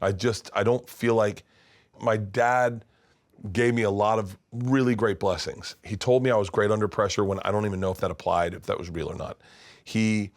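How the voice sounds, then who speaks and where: A comedian in his fifties telling stories in a rambling, animated way, full of restarts. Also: lowish voice, moderate pace. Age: 50s. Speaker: comedian guest. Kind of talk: casual storytelling. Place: his studio.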